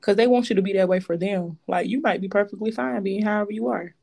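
A woman with co-hosting a casual chat, animated and slangy, laughing often. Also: mid-range voice, quick pace, vocal fry.

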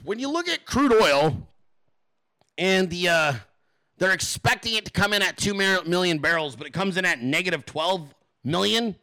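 High, bright-voiced man ranting sarcastically. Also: animated, normal speed. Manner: profane, sarcastic, mocking rant; asks the audience rhetorical questions. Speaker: political commentator, show host. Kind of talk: livestream political commentary.

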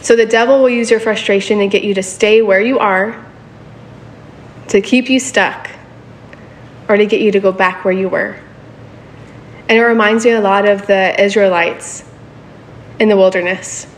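A woman's voice: medium pitch, fairly even intonation, moderate pace, long pauses, a little hiss or hum. A woman preaching a sermon in a casual, conversational way, often checking in with her listeners for agreement.

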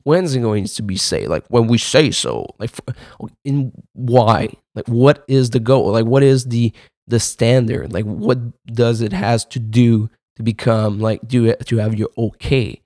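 A male podcast host thinks out loud in a loose, rambling monologue, piling up fillers and casual swearing. His voice sits at an ordinary middle pitch. The recording is close and dry, with no room echo. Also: a little slow. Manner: rambling and profane, with frequent fillers and laughs.

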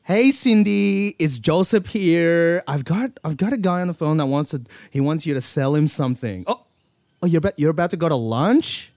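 A man's voice: fairly high pitch, expressive, normal speed, a little mellow, no echo, studio quality. A man voicing a chirpy, overly polite male call center worker with a put-on Filipino American accent. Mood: chatty.

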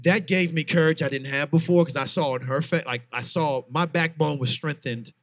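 Earnest storytelling man, slightly high voice. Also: moderate pace. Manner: earnest, animated storytelling with frequent fillers. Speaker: guest author. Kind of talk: personal testimony in a conversation.

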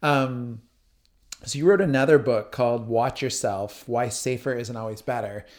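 Man as host interviewer, calm and measured, asking careful questions. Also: mid-range voice.

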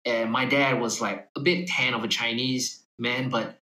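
A young man with an American accent and a bright, forceful voice speaks in a loose, slangy, rambling way. He talks as an interview guest, and the room around him adds a noticeable echo. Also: medium pitch, steady tone, unhurried. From Malaysia. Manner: slangy, rambling, frequent fillers and laughs. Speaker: rapper guest. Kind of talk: casual conversational interview. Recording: echoey room.

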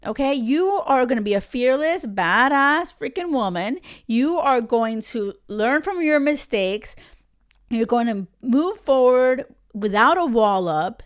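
A woman hosting a podcast who gives dating advice in a blunt, emphatic way, swearing freely and talking straight to her listeners. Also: high voice. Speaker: podcast host.

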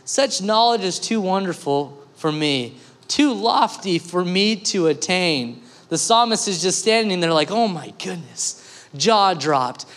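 A man preaching a sermon as pastor, animated and acting out the voices of people he quotes. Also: sits high, unhurried. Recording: long hall reverb, faint music.

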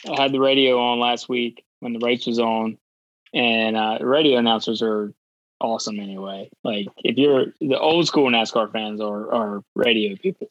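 A man's voice: mid-range voice, fairly even intonation, normal speed, no echo. A man co-hosting a casual podcast, telling a story in a rambling way and groping for words. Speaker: podcast co-host. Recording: dull lo-fi audio.

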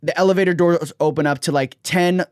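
A man telling a story in casual chat, animated, jumping into other voices for the people he quotes. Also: a little high, brisk, smooth, no room sound, studio quality. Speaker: guest.

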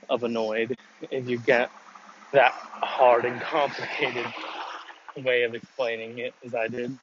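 A man talking casually in a rambling, hesitant way, full of fillers and restarts. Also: mid-range voice. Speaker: storyteller explaining a family matter. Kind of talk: casual monologue. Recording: dull lo-fi recording with clear background noise.

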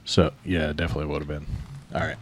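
A man's voice: extremely low pitch, flat delivery, rapid-fire. A man co-hosting a racing podcast, laid-back as he tells a road story. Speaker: podcast co-host. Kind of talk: casual storytelling. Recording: faint background noise.

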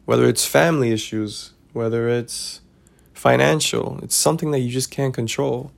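A man's voice: medium pitch, steady tone, moderate pace, gravelly. A man hosting a podcast, talking casually and preachily about life lessons, repeating himself and checking in with "right?". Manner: preachy, repetitive, keeps asking "right?". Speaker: podcast host. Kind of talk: casual advice monologue.

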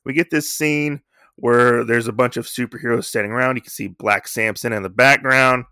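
A man's voice: medium pitch, steady tone, normal speed, pushed and bright, clean tone, no room sound, studio quality. A young man casually retelling a comic story in a rambling way, with many fillers. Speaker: comic book reviewer. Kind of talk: casual chat.

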